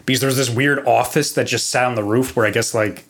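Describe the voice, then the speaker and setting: A young man spins a spooky story on a podcast in a loose, rambling way. He swears freely and keeps restarting his sentences and padding them with fillers. His pitch sits in the middle. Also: steady tone, brisk, a bit bright. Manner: rambling, profane, lots of fillers. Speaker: podcast guest. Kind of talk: casual storytelling.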